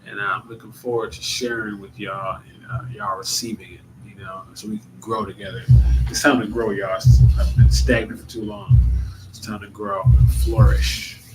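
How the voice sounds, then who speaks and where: A man's voice: fairly low pitch, moderate pace, loud music behind the voice, rough recording. A man talking casually and reflectively to his viewers, a little tired, addressing them as y'all. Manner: relaxed, musing, speaks to viewers as y'all. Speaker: vlogger. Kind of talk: casual reflective vlog talk.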